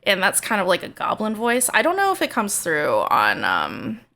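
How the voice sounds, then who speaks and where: A woman's voice: medium pitch, huge pitch swings, normal speed, vocal fry, bright, forceful tone. A woman streamer in casual, rambling chat, hesitant and self-deprecating.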